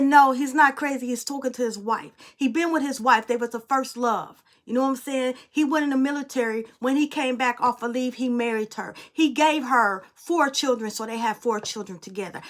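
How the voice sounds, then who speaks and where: A woman reading tarot and telling a spiritual story in a casual, blunt, emphatic way, swearing freely. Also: high voice. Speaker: tarot reader and medium.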